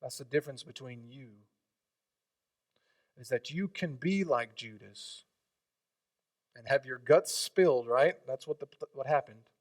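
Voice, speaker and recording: A man preaching a sermon, swinging from loud emphatic lines to quiet hushed ones. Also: mid-range voice, measured pace, pauses often, no room sound, distant mic. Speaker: pastor.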